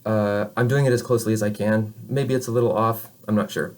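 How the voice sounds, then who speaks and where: A man's voice: fairly low pitch, steady tone, fairly quick. Hesitant man teaching French vowel sounds. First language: English. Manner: patient, hesitant, many "uh" fillers, demonstrates vowel sounds. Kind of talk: recorded pronunciation lesson. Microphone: camera facing the speaker.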